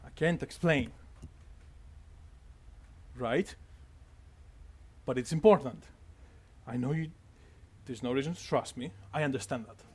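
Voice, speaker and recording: A man's voice: medium pitch, a little slow, long pauses, a little mellow, husky. A man voicing an evasive male schemer who pleads and insists while hiding his reasons, as a game master doing a character. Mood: pleading.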